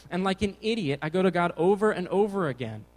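Energetic, jokey young man preaching. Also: sits high, fast, rough recording. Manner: energetic, jokey, bouncing around. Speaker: youth pastor. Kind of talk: casual sermon to teenagers.

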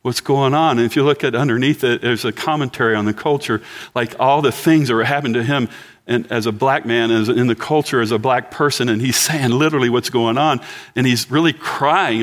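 A man in his sixties gives a sermon in a church at an easy, talky pace. He jokes with the congregation and asks them questions, and his voice sits in a middle pitch. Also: a bit bright. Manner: conversational, joking with the congregation. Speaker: pastor.

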